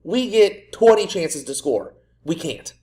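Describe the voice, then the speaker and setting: High-pitched and mellow, this man sounds very animated but keeps a measured pace. He's a gaming video creator commentating on his football management game, firing off sarcastic, exasperated rants at his own team and at himself.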